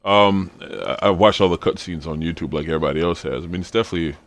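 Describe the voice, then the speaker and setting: Low-voiced man rambling in casual chat. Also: quick pace, no room sound. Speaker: podcast co-host.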